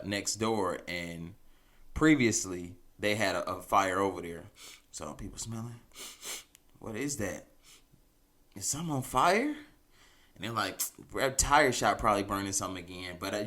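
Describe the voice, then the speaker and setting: Man, podcast host, casual storytelling, animated, chuckling, lowish voice. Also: creaky. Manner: animated, chuckling, loose conversational delivery.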